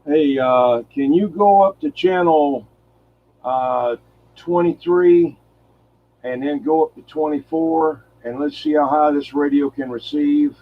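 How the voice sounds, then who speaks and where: Brief: chatty male CB operator, fairly high voice, thin and tinny over the air. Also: a little slow. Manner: chatty, uses radio jargon. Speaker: CB radio operator. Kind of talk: casual on-air radio chat. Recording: tinny radio transmission with faint static.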